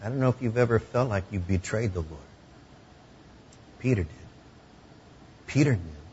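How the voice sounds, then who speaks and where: A man preaching a sermon in a conversational way, sometimes dropping to hushed tones. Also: lowish voice, lively intonation, fast talker, dull audio, a little hiss or hum. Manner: conversational, drops to hushed tones for emotional moments.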